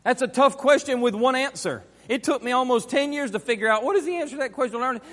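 High-voiced preacher in a reverberant hall. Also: male voice, quick pace. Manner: earnest, repeats questions, rises to forceful emphasis. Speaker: pastor. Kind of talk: sermon. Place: church sanctuary.

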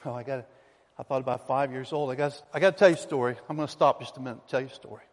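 A man's voice: medium pitch, steady tone, very fast. A male pastor preaching a sermon to his congregation in an emphatic, folksy storytelling manner. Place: church sanctuary. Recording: long reverb of a church hall.

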